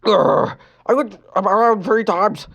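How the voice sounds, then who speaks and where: A storyteller voicing a young boy, pitching up for his excitable, often upset shouted lines. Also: slow, creaky, highs cut off, heavily acted. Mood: worried.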